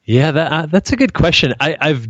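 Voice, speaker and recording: A man in casual podcast chat, animated and jokey, with many restarts. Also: on the high side, moderate pace, dry recording. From New England. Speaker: paranormal investigator and author. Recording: slightly dull dry sound.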